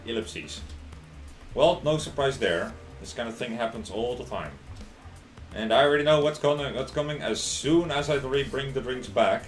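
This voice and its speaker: A man's voice: medium pitch, expressive, moderate pace, roomy sound, soft background music. A man streaming live, reading a visual novel aloud in a dry, wry first-person voice.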